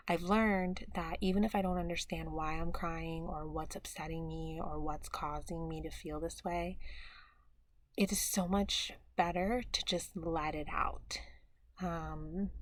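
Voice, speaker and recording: Young woman, slow hesitant speech, low-ish voice, soft and tired, close dry sound. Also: no echo. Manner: soft, hesitant, many pauses and fillers. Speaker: vlogger. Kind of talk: personal video diary.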